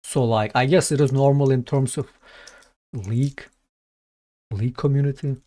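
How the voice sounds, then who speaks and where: A man's voice: mid-range voice, fairly even intonation, moderate pace, warm tone. A man streaming, casually reacting to a video with loose, swearing comments aimed at his chat.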